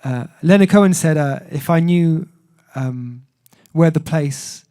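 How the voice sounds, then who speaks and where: Taking it slowly in a warm, fairly high voice, a man rambles on his music livestream. The singer-songwriter streamer is casual and self-deprecating, filling his talk with lots of fillers.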